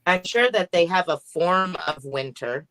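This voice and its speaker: Slow, lively Southern woman chatting. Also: on the low side, no room sound. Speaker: panel guest. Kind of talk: casual live-stream chat.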